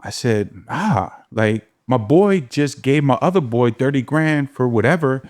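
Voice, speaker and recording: A man's voice: medium pitch, lively intonation, unhurried, a little mellow. A man being interviewed as a guest, telling his life story in a candid, emphatic way. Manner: candid, emphatic, gets emotional. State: emotional, near tears.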